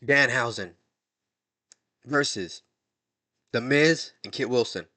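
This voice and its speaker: Excitable man ranting on a vlog. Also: mid-range voice, takes it slowly. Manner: excitable, slangy, rambling with restarts. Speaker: wrestling fan vlogger. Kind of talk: casual prediction rant.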